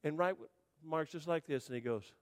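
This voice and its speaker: A man preaching to a congregation, telling a rambling, animated story with restarts. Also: on the high side, normal speed, clear, resonant tone. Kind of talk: storytelling sermon.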